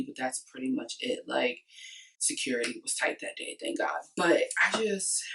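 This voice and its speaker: A woman's voice: extremely low pitch, far from the mic, slight background noise, poor audio. A young woman vlogger chatting casually and sassily, recapping a reality TV episode with lots of slang. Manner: animated, sassy, slangy recapping. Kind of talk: casual chat.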